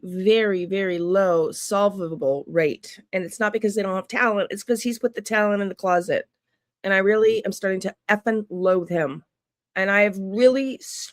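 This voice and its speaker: A woman's voice: mid-range voice, no room sound, studio quality. A woman hosting a true crime channel, ranting bluntly and sarcastically and swearing often. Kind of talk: angry profane rant to camera.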